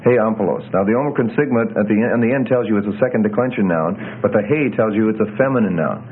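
A deep-voiced man teaches a Greek class, stopping on fillers and correcting himself as he goes. The sound is thin and tinny, like an old classroom tape with a faint hiss. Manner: halting, lots of uh and self-corrections. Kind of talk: classroom lecture.

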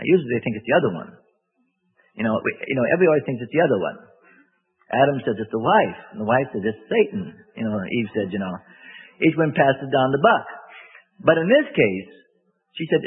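A man preaching a rambling sermon, wandering off on side points and raising his voice when he quotes scripture, with a husky voice. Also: fairly high pitch. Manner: digressive, loses his thread, acts out quotes with raised voice. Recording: tinny phone-like sermon recording in a reverberant hall.

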